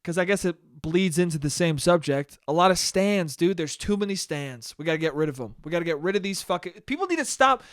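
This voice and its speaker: A young man with a fairly high voice rants alone into his podcast mic, swearing freely and slipping into mocking impressions of critics. The sound is dry and close, with no room around it. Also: fairly quick, few pauses, no echo. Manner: animated ranting, mocking voices of critics, frequent swearing and laughing. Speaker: podcast host. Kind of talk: solo podcast monologue.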